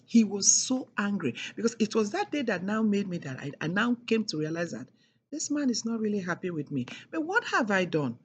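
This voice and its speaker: A woman's voice: medium pitch, big pitch swings, a little fast, husky. A middle-aged woman telling a personal story in an emphatic, repetitive way, leaning hard on key words. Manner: emphatic and repetitive, with heavy stresses. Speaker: speaker sharing a personal testimony.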